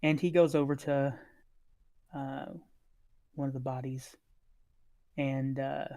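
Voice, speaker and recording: A man narrating as dungeon master of a tabletop game, halting, with many fillers. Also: mid-range voice, no echo. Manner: relaxed, halting, many fillers, voices characters lightly.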